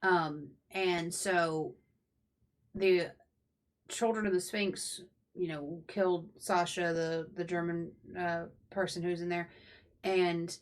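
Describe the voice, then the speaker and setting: A woman co-hosting a casual game review podcast as the game master, explaining plainly with quick affirmations. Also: fairly low pitch. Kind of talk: casual discussion.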